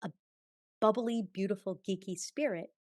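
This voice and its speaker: A woman in her sixties, a podcast guest telling a personal story in an animated way, acting out quoted dialogue and laughing often. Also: medium pitch, normal speed. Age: 60s. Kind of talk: storytelling in a conversational interview.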